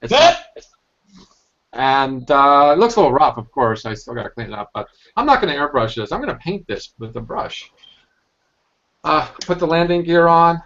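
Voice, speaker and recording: Halting man on a lo-fi video call. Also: a little high, very animated, a bit bright. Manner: rambling, halting with many fillers and restarts. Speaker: hobbyist scale modeler on a video hangout. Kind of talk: casual chat. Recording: dull lo-fi video call audio.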